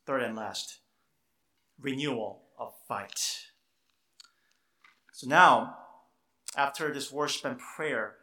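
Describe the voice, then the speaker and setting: A man's voice: mid-range voice, sharp tone, roomy sound. A man preaching a sermon, earnest and emphatic, often repeating words as he stresses a point. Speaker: pastor.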